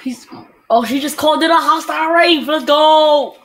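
A teenage gamer giving live gameplay commentary, frustrated, swearing and breaking into loud outbursts. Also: high voice, brisk. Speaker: gamer recording a video.

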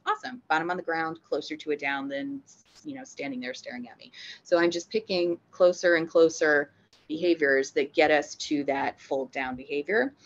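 A woman who is a dog trainer and veterinary behavior technician, giving a lively, playful training lecture. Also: deep voice, lo-fi sound. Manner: upbeat and playful, acts out dog reactions.

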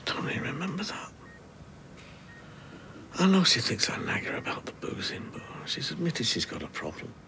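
An actor playing an injured, subdued husband in a TV soap drama, speaking weakly. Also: male voice, medium pitch, huge pitch swings, brisk, creaky, hardly any pauses, sharp tone, a little hiss or hum, heavily acted.

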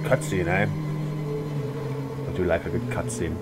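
A man doing jokey, excitable let's play commentary, yelping and swearing when startled. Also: low voice, a little slow, faint music behind. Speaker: gaming channel host.

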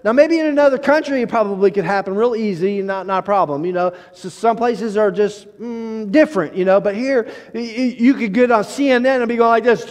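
A man preaching a sermon, telling the story in an animated way, acting out quotes with frequent restarts. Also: sits high, a little fast, long reverb tail. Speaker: pastor.

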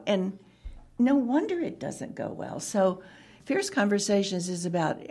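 A woman speaks with a slightly husky, breathy voice at a middle pitch. As an author guest in an interview, she tells stories conversationally and slips into animated acted-out dialogue. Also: measured pace. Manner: animated, acts out quoted dialogue.

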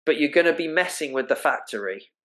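A man's voice: fairly high pitch, lively intonation, fast, fairly bright tone, poor audio. Give me an earnest man explaining things emphatically in an interview. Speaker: osteopath and naturopath guest. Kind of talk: interview conversation.

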